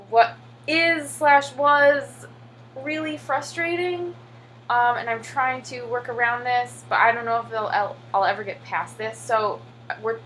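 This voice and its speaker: A woman's voice: a little high, fairly bright tone, rough recording. Chatty young woman vlogging with faint hum. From United States. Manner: chatty, many fillers and "like"; acts out children's voices when telling stories. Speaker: English teacher in Korea. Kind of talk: casual vlog.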